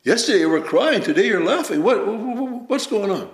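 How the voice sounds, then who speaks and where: A man's voice: high-pitched, lively intonation, brisk, voice pushed up. A man doing puzzled, stammering monks. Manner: stammering, bewildered. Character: puzzled male monks, questioning a fellow. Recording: roomy echo.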